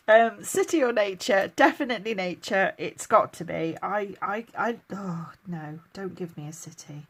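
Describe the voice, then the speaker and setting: A woman's voice: medium pitch, moderate pace, few pauses. A middle-aged woman from England, chatting casually through a question list, laughing often and getting emotional at times. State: tired, chronically ill. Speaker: vlogger. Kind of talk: casual get-to-know-me Q&A.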